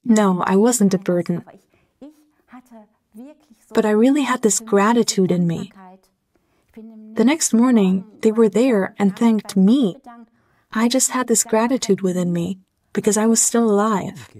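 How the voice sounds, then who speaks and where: Calm, heartfelt middle-aged woman. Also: mid-range voice, measured pace, long pauses. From Germany. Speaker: interview guest. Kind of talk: calm reflective interview.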